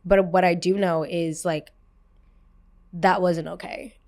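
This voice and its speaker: A young woman hosting a podcast, telling a personal story in a casual, animated way, swearing freely and filling her talk with "like.". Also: on the low side, takes it slowly. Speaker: podcast host.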